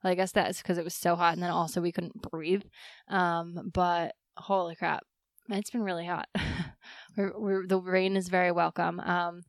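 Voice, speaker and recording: Female podcast co-host, casual and giggly, smooth dry voice. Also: lowish voice, little pitch movement, normal speed, dry recording. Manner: giggly, chatty, lots of fillers. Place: home office in summer heat.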